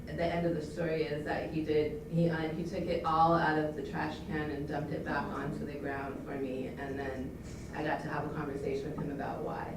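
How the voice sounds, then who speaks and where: Animated woman, very echoey and noisy. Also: low-pitched, brisk. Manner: lively, animated retelling. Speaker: student. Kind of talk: storytelling in class. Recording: very echoey room, distant, noisy.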